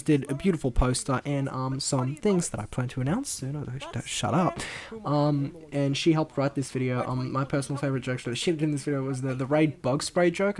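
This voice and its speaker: A young man with a higher-pitched voice gives a loose, casual commentary on his own videos. He rambles and makes fun of himself, drifting between low mumbles and sudden excited outbursts. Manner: rambling and self-deprecating, with many fillers; lively, swinging between mumbling and excited bursts. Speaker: video creator.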